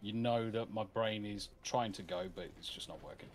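A man's voice: on the low side, moderate pace, a little hiss or hum. A man chatting bluntly and swearing freely while playing a co-op game. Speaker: co-op gamer. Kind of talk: casual gaming chat.

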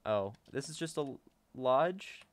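A young man casually commenting on his own gameplay to viewers, excitable and chatty, often gasping and laughing. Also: medium pitch, a little slow, dry recording. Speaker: gaming YouTuber.

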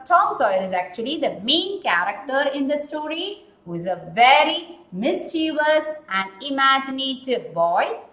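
A woman teacher walks through a story lesson at an unhurried pace, repeating words and asking questions. Her voice is high and full of movement. The room echoes around her. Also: a bit bright. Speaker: English teacher. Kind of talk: recorded class lesson. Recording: roomy echoing room.

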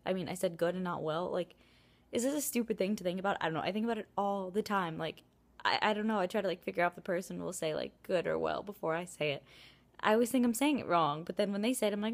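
A woman's voice: medium pitch, quick pace, vocal fry. Rambling young woman vlogging at home. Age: young adult. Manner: rambling, frequent "like", self-mocking complaints. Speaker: vlogger, college student. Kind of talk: casual vlog chat. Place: apartment, indoors.

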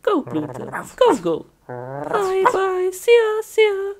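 Woman doing a super high-pitched dog mom, teary and gushy, slow talker. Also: huge pitch swings, exaggerated voice. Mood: doting. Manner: gushing, tearful baby-talk to a pet. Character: doting adult woman overjoyed to see her dog.

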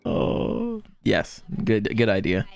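Excitable, profane male cartoon reactor. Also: lowish voice, slow pace, gravelly, faint music behind. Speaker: reaction video host. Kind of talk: casual cartoon reaction commentary.

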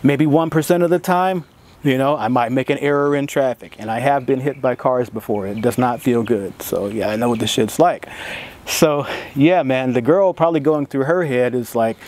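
A man's voice: mid-range voice, normal speed, a little mellow. A man vlogging in a casual, profane storytelling manner, laughing often as he talks.

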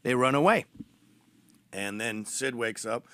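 A man's voice: medium pitch, a little slow, long pauses, smooth, dry recording. A man hosting a storytelling monologue, gossipy and blunt, turning urgent and emphatic when he warns. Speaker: host.

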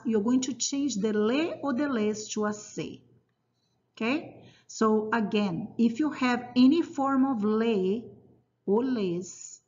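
A woman teacher who explains grammar slowly and patiently and drills short word lists. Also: fairly high pitch. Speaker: Spanish teacher. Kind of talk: recorded grammar lesson. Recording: dull lo-fi sound.

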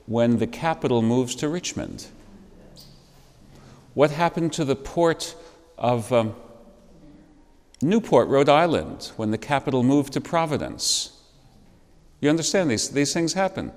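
A man's voice: medium pitch, sing-song, a little slow, long pauses, darkish tone. Man, church Bible class teacher, casual lecturing, wry asides, asks the class questions, long church reverb. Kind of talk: adult education lecture.

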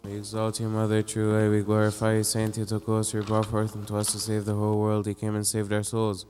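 A man reciting church prayers in a fast, flat, chanting monotone during a live-streamed liturgy. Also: on the low side, faint music behind. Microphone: live stream mic.

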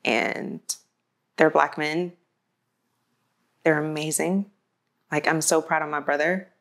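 A woman's voice: sits low, fairly even intonation, takes it slowly, fairly bright tone. A woman as an interview guest speaking candidly and hesitantly, with many fillers, on a lapel mic in a studio. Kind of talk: casual conversational interview. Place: indoor studio with white background.

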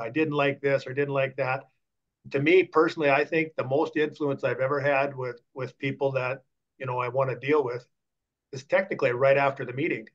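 Flat-voiced middle-aged man, muffled. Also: medium pitch. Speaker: panelist. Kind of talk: panel discussion.

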